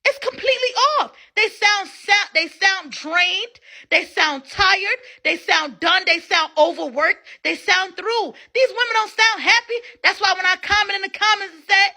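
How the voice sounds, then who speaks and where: High, bright-voiced woman streamer, blunt. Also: moderate pace, vocal fry. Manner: blunt, animated, talks straight to viewers. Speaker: live-stream host. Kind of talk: reaction live stream commentary.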